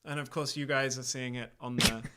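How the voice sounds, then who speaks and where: A man's voice: medium pitch, steady tone, fairly quick, very noisy. A male musician hosting a home livestream concert, chatting and teasing between songs. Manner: playful, teasing, laughs often. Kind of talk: casual chat between songs.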